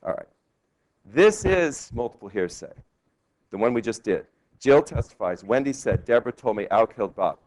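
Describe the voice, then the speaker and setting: A male law professor giving a classroom lecture, lively and quizzing his students with questions. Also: mid-range voice, normal speed. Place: law school lecture hall.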